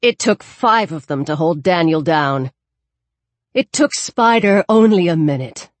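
A woman reading a thriller audiobook aloud with expressive, varied delivery. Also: sits low, unhurried, dry recording. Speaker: audiobook narrator. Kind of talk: scripted audiobook narration.

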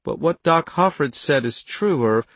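A man voicing a worried, kindly middle-aged farm wife who speaks softly and anxiously. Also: fairly high pitch, expressive, unhurried, vocal fry, no echo, exaggerated voice. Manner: soft, anxious, pleading.

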